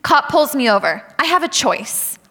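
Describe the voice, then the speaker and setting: A woman preaches to a group, telling stories about her own life with lively energy, laughter and acted-out voices. Her voice sits high and sounds bright and sharp. The sound carries a long hall reverb. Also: normal speed. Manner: animated storytelling, laughs often, acts out voices. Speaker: speaker. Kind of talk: sermon with personal stories.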